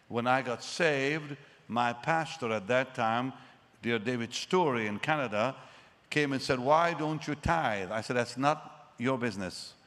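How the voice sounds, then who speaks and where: A man's voice: medium pitch, big-room sound. An older man preaching a sermon, telling a personal story and acting out the dialogue with rising emphasis. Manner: animated, acts out quoted dialogue with rising emphasis. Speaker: evangelist preacher.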